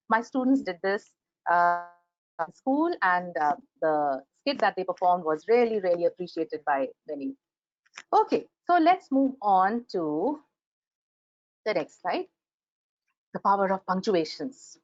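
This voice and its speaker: Talking a little slowly in a fairly low-pitched voice, a woman with an Indian English accent runs a grammar webinar lecture. She is animated and acts out the example sentences she uses. Her computer microphone on the video call yields lo-fi sound with no room sound.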